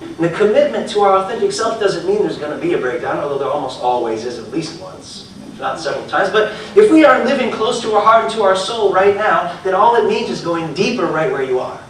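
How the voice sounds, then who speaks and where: A man giving a live inspirational talk, telling stories with loud bursts and quiet lines and repeating phrases for emphasis. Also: sits high, a little fast. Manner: animated storytelling, swings between loud bursts and quiet lines. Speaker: motivational speaker. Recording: echoey hall from far off, faint noise.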